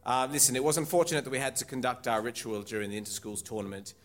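A chipper, wealthy lady principal who smooths over her misdeeds with oily charm, voiced by a man. Mid-pitched, plain everyday tone. Tabletop role-play. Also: racing, natural voice. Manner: smooth and ingratiating. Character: chipper, wealthy female school principal, falsely apologetic.

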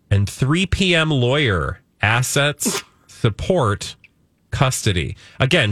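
A man hosting a casual comedy chat podcast, his delivery lively with big swings in pitch. He is playful and given to mock outrage. The sound is dry and close, with no room echo. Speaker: podcast co-host.

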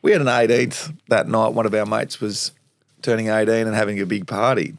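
Gravelly, low-voiced Australian storyteller man. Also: brisk, no room sound. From Tasmania, Australia. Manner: animated storyteller, acts out quoted voices, laughs often. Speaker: guest, former footballer. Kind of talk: storytelling interview.

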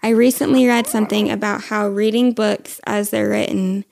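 A woman's voice: mid-range voice, fairly even intonation, moderate pace, vocal fry, darkish tone. A woman in her thirties hosting a podcast, chatty and curious, asking questions in casual conversation. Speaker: podcast host.

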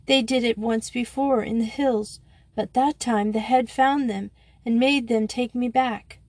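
A woman's voice: a little high, fairly even intonation, unhurried, a little mellow, no echo, voice pushed up. Woman voicing a sobbing frightened schoolgirl. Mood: tearful. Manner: sobbing, pleading. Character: frightened abandoned schoolgirl, tearful.

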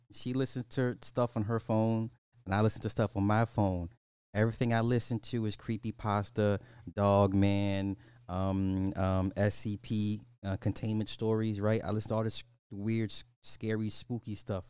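Male podcast host, casual joking commentary; lowish, mellow, dry close-mic. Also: clear, resonant tone, dry recording. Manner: loose, joking, talks straight to listeners. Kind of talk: casual commentary reacting to clips.

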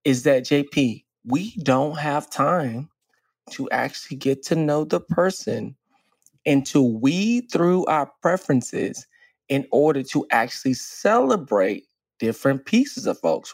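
Man, 40s, podcast co-host, relationship coach, earnest, reflective, slow on key phrases, dry close sound. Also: on the high side, lively intonation, dry recording. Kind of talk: casual podcast conversation.

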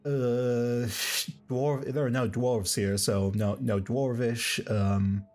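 A man voicing a centuries-old male dragonborn in a put-on Southern drawl, halting and rambling. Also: medium pitch, steady tone, darkish tone, natural voice. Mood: musing.

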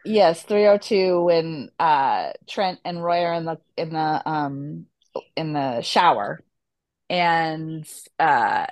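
Low-pitched woman with halting speech. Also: expressive, darkish tone, dry recording. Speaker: editor. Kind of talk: casual podcast interview.

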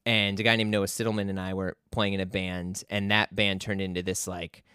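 A man's voice: sits low, level tone, brisk, bright, forceful tone, smooth, dry recording, clean studio sound. A young man talking casually as a podcast guest, telling a rambling story full of fillers and restarts.

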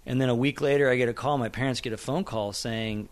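A middle-aged man talks on a podcast in a mid-pitched, everyday voice. He is a screenwriter telling anecdotes in a relaxed way. He slips into other people's lines as he goes. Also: a little fast. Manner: animated, acts out quoted voices in anecdotes. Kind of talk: casual storytelling interview.

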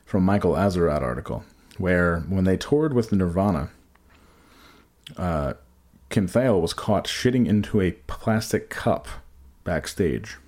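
A man's voice: low-pitched, darkish tone. A man co-hosting a podcast in casual banter, rambling and profane, often trailing off and restarting sentences. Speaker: podcast co-host.

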